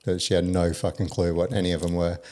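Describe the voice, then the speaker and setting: A man plays a podcast host with a notably low, deep voice. He talks in a laid-back, casual way and swears offhandedly. He asks questions and tells stories in an easygoing manner. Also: little pitch movement, fast talker, a little mellow. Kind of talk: casual conversational interview.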